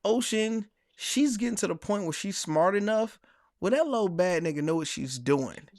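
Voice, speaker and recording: A man's voice: sits high, animated, moderate pace, a little mellow, no echo, studio quality. A man hosting a sports podcast, chatting casually and rambling through a long personal story with run-on asides. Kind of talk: casual chat.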